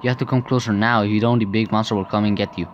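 A monster pretends to be a child's mother, cooing and luring in a sugary voice that turns menacing. A man acts it out, his voice sitting fairly low. Faint hiss sits under the sound. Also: steady tone, racing, highs cut off, lightly acted. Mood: creepy coaxing. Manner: sweetly coaxing, then threatening.

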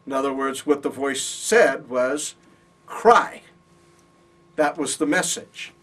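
Slow-talking male Bible teacher in a classroom. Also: mid-range voice, fairly even intonation, a bit bright. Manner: explains patiently, checks in with "okay?". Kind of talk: classroom lecture. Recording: voice from far off.

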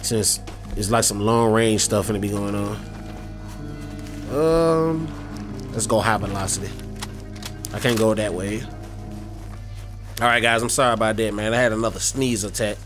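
A man's voice: lowish voice, moderate pace, pauses often, over music. A man casually commentating his gameplay, rambling and speaking straight to his viewers. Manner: rambling, many fillers and restarts, addresses viewers directly. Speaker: gaming YouTuber.

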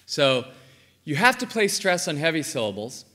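A man's voice: on the high side, very animated, moderate pace, bright, forceful tone. A man giving an academic conference talk on linguistics, explaining step by step with frequent ums and uhs. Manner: explanatory, frequent ums and uhs, says okay between points. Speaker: linguistics lecturer. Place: lecture hall. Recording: reverberant hall.

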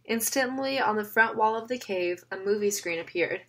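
A woman reading an audiobook aloud, with steady, measured storytelling. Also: medium pitch. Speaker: audiobook narrator. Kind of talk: scripted narration.

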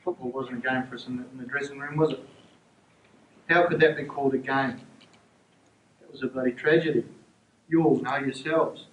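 A man's voice: medium pitch, fairly even intonation, brisk, long pauses, a little hiss or hum. A man, a former teammate speaking earnestly and ruefully to a group. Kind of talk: speech to a group. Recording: echoey room.

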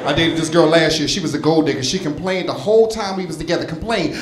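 A man's voice: on the high side, quick pace, few pauses. A man from North Philadelphia doing a live stand-up routine on a club stage, talking straight to the crowd in a punchy, conversational way. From North Philadelphia, USA. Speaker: stand-up comedian. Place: comedy club stage before a live audience. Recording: roomy live club recording with crowd laughter. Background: audience laughing.

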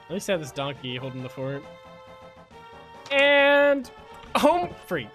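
A young adult woman streamer giving casual gameplay commentary, excitable, swearing and breaking into shrieks. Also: lowish voice, measured pace, pauses often, music in the background. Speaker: game streamer.

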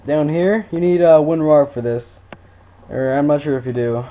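A man's voice: on the high side, moderate pace, warm tone, muffled recording. A man casually talking through a computer tutorial, rambling a little with fillers. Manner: laid-back, rambling with fillers. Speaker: tutorial maker. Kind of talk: casual screen-recorded tutorial.

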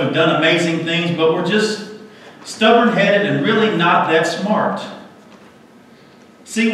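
A man's voice: a little high, fairly bright tone, far from the mic. A male pastor preaching a sermon in a conversational, folksy way with touches of humor, in a church sanctuary. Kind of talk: sermon with storytelling. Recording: echoey church hall from afar.

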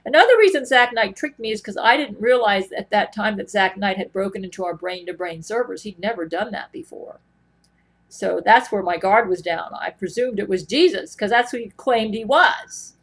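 A woman's voice: medium pitch, moderate pace, husky. Earnest woman rambling to camera. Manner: earnest, meandering, with frequent restarts. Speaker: vlogger. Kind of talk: rambling personal monologue to camera.

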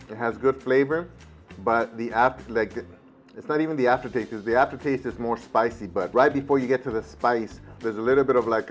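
A man doing a casual food taste test on camera, thinking aloud between bites. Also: mid-range voice. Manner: relaxed, thinking aloud while chewing; switches between English and Spanish with a child. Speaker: food reviewer.

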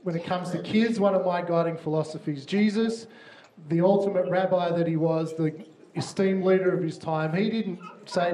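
A man's voice: high voice, steady tone, moderate pace, dark tone. A man serving as children's minister, speaking upbeat to parents and kids in church and often checking in with "yeah?". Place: church hall. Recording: roomy hall with faint noise.

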